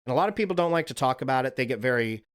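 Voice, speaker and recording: A male host speaks in a loose, unscripted monologue, earnest and a little rambling. His voice sits at an ordinary middle pitch, and he swears casually while circling back over his own words. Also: animated, rapid-fire, clean tone. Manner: earnest, profane, rambling with restarts. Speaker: self-help video host.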